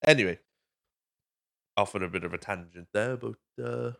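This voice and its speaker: A man's voice: lowish voice, moderate pace, gravelly, a bit bright. A Welsh man hosting a podcast, casually recapping a movie with swearing and rambling tangents. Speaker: podcast host.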